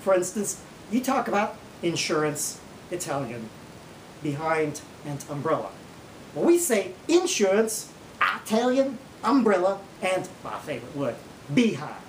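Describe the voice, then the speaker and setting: A man putting on a folksy Oklahoma naturalist who lectures in a slow drawl with an Oklahoma accent, his pitch swinging up and down as he makes each numbered point. The voice sits back from the mic in an echoey room. It is a comic mock lecture. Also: very animated, a little hiss or hum. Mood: folksy lecturing. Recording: roomy, distant from the mic.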